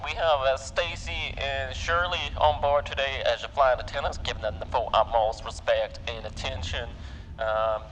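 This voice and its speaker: A man's voice: mid-range voice, steady tone, normal speed, a bit bright, a little hiss or hum, natural voice, poor audio. A man putting on an American accent to play a joking airline captain, giving mock-formal cabin announcements laced with swearing. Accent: put-on American. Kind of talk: mock cabin announcement on a flight-sim stream.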